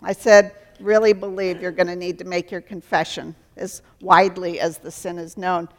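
A woman's voice: lowish voice, level tone, moderate pace, big-room sound. A woman giving an earnest sermon as a Christian counselor, acting out dialogues to teach.

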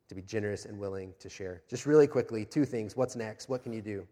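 A man's voice: fairly low pitch, fairly quick, warm tone. A man in his thirties, a pastor preaching a sermon, earnest and emphatic, repeating his key phrases. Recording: long reverb of a large hall.

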